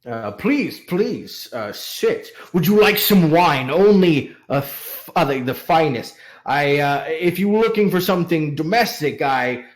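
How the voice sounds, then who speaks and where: A pompous, boastful merchant, fat and rich, fawning over his guest with flowery words, as a man puts him on. He talks in a slow, drawn-out way from a tabletop game. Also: a little high, animated.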